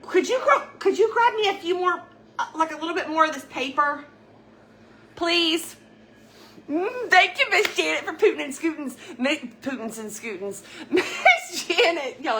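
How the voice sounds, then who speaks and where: A woman's voice: high-pitched, animated, normal speed, bright, forceful tone, slight background noise. Chatty woman greeting live viewers. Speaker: live-stream host. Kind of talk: casual live-stream chat. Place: home kitchen at night.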